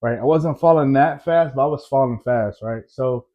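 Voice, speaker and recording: A man's voice: mid-range voice, normal speed, narrow, tinny audio. A man in his thirties casually telling a personal story to camera, rambling and conversational, often tagging lines with "right?". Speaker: storyteller, army veteran.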